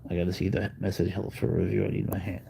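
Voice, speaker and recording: A man's voice: low-pitched, little pitch movement, quick pace, creaky, warm tone, a little hiss or hum. A man hosting a live stream about his pet, chatting casually and rambling through answers to viewers' questions.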